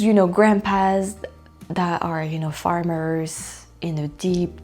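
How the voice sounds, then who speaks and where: A woman from France with a French accent, speaking English as a second language in a casual, animated vlog chat, full of likes and restarts. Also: lowish voice. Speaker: vlogger.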